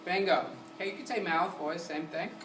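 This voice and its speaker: Lively man teaching a music class. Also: high-pitched, fairly quick. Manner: energetic, keeps asking the class questions; sings short syllables to demonstrate. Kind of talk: classroom lesson. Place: community center room. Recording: roomy, distant mic with room noise.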